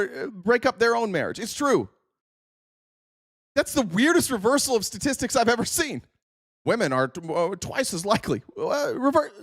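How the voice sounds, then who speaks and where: High-voiced man hosting a reaction stream: sarcastic, profane, dry close sound. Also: a bit bright, dry recording. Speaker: host.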